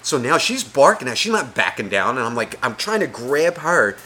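A man's voice: medium pitch, very animated, normal speed, pushed and bright. A man co-hosting a podcast, telling a story in casual chat, swearing a lot and acting out the voices of the people in it. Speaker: podcast co-host.

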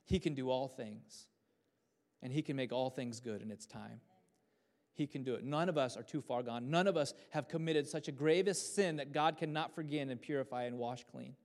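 During a church service, a pastor in his thirties preaches a sermon that swings between loud, fervent passages and soft, hushed ones. He speaks at a medium pitch and a moderate pace.

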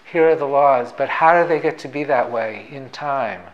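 A man's voice: medium pitch, moderate pace, dull audio, close to an everyday voice. A man putting on a breezy, emphatic impression of a famous physicist with an attempted Brooklyn accent. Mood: musing.

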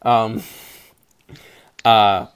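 A young man co-hosting a casual movie podcast, excited and rambling, laughing often. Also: on the low side, extremely slow, smooth. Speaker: podcast co-host.

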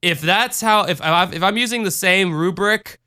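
A man's voice: high-pitched, moderate pace, smooth. A young man co-hosting a podcast, chatting casually and with a lot of profanity as he reviews a book and tells stories. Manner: rambling, profane, animated storytelling. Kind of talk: casual chat.

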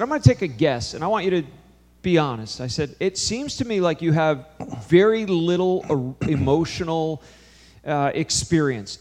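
Man, pastor, sermon, storytelling, fairly high voice, long hall reverb. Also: a little mellow. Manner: storytelling, quoting conversations with shifting emphasis.

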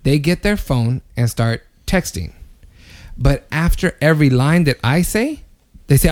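A man hosting a casual podcast chat, telling an animated story with a lot of swearing. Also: on the high side, measured pace. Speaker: podcast host.

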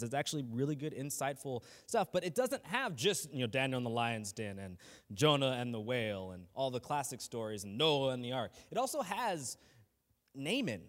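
Man preaching casually in a reverberant hall. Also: on the high side. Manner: conversational, many restarts and fillers. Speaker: lay Christian speaker and teacher. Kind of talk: casual faith talk.

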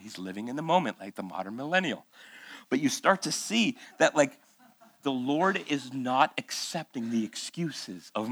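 A man's voice: mid-range voice, a bit bright, no echo. A male pastor preaching a conversational sermon, firing off rhetorical questions and acting out the voices he quotes, after months of illness. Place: church.

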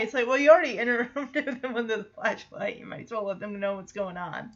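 A woman recaps a sitcom episode casually in a fairly high, brisk voice, animatedly acting out the characters' lines in different voices and laughing often. The recording has a slightly dull, lo-fi sound.

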